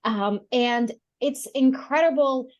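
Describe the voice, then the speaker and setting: A woman co-hosting a casual podcast interview, her voice a little high. She talks hesitantly, with many "you know"s and "uh"s. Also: takes it slowly, highs cut off. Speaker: co-host.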